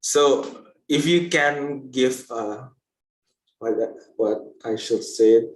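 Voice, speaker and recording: A man hosting a live online class, asking questions haltingly and searching for words. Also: medium pitch. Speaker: class host. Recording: echoey room.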